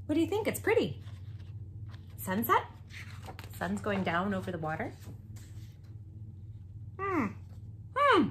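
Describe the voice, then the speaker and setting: A woman reading a children's picture book aloud in a playful, expressive way, asking her listeners questions as she goes. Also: medium pitch, takes it slowly, long pauses, a little hiss or hum.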